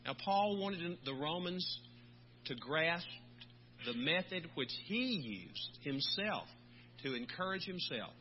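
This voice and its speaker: A man, a pastor, preaching a sermon in a measured way, slowing down on key words. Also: a little high, big pitch swings. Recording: dull lo-fi recording with faint hum.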